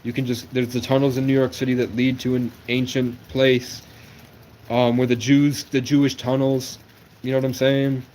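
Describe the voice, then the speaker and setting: Rambling young man in a monotone. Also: medium pitch, moderate pace, slight background noise. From New England, USA. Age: 20s. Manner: rambling, conspiratorial, jumps between topics. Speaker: livestreamer. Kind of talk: rambling livestream monologue.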